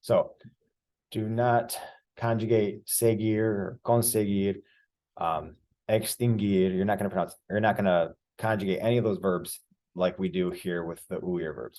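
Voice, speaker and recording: A man's voice: low-pitched, steady tone, a little slow, a little mellow. A man teaching Spanish verb conjugation, patiently explaining and spelling out letters one by one. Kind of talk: explaining grammar at a board.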